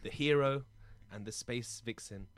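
A man's voice: medium pitch, a little slow. A man hosting a comedy podcast, chatty and self-mocking. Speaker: podcast host. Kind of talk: casual chat.

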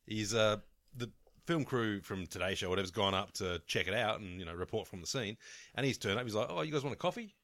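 Australian male podcast co-host, low voice, dry sound, casual and cheeky. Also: a little fast, pushed and bright, no room sound. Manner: swearing, laughing storyteller doing bloke impressions. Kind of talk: casual sports chat.

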